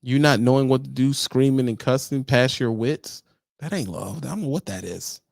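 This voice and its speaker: A man's voice: mid-range voice, normal speed, gravelly, dry recording, clean studio sound. A man who trains truck drivers, ranting and lecturing in a casual vlog with slang, exasperated and preachy.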